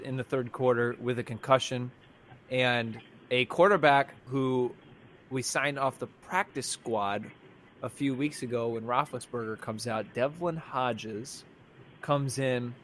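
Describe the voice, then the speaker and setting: A man in mid pitch hosts a laid-back fan reaction show, thinking aloud as he goes. He rambles and backtracks, and he sounds worn out and frustrated by his team's bad luck. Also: fairly bright tone, a little hiss or hum. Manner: rambling, exasperated fan rant with frequent restarts. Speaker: podcast co-host. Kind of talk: casual sports fan reaction chat.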